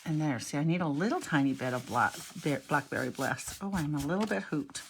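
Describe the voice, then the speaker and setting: Chatty low-voiced woman teaching crafts. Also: expressive, fairly quick, creaky, slight background noise. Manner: chatty, thinks aloud, self-correcting. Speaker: cardmaking instructor. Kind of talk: casual demonstration lesson.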